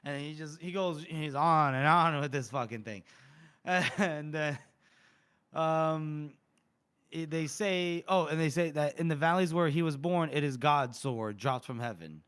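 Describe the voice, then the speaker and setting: A man co-hosting a casual book podcast, retelling scenes with lively quoted lines and frequent laughter. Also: on the high side, a little slow, smooth. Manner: animated, acts out characters' lines with laughter. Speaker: podcast co-host.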